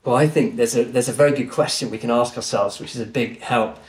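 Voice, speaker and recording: A man guest on a podcast, telling a story in an earnest, animated way. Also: mid-range voice, fast talker. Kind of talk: conversational storytelling. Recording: roomy echo.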